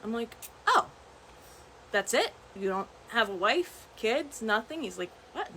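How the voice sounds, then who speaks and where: A young adult woman telling a chatty, animated dating story, vlog style, full of "like" and "right?". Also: a little high, a little slow, a little hiss or hum. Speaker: vlogger.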